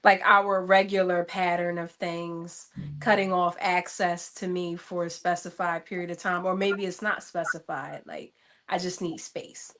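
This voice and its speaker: A woman guest on a casual panel chat, measured and fond of saying like. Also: fairly low pitch, level tone, a bit bright. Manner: measured, uses like as a filler.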